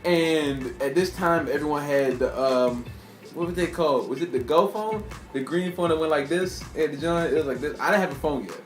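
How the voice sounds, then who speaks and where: A man's voice: a little high, moderate pace. A young man telling a casual storytime to his camera, rambling and laughing often, with slang. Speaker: vlogger. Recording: echoey room with faint music.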